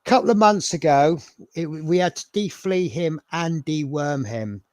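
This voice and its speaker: A man's voice: fairly high pitch, a little slow, darkish tone, no echo. A man hosting a live model-building stream, chatting in a rambling, self-mocking way. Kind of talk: casual live-stream chat.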